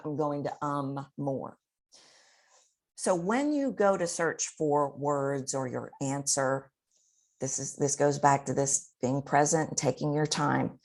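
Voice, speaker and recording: A woman voice coach giving expressive, demonstrative advice in an interview. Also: sits low, a little slow. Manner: expressive, demonstrates vocal techniques. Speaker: voice coach guest.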